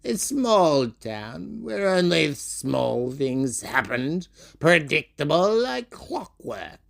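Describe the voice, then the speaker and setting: A man performing a dramatic spoken monologue, his voice gravelly and full of fry. He talks slowly and unhurriedly, and his pitch leaps about, from bright and sing-song down to a low, sneering growl. He keeps turning to call out to listeners who aren't there. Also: sing-song. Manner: playful, addressing imagined listeners by name. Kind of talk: theatrical spoken monologue and storytelling.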